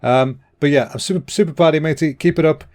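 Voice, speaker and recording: A man, hosting a casual solo podcast in a chatty, excitable way, slightly out of breath and clearing a clogged throat. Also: on the high side, quick pace. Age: 30s. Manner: chatty and excitable, with fillers and restarts. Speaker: podcast host.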